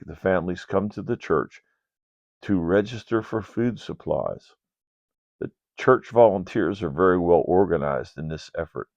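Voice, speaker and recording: An older man reading a ministry report to donors in a slow, measured, earnest way. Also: low voice, darkish tone, no echo. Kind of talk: read-aloud ministry report. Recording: dull, dry lo-fi sound.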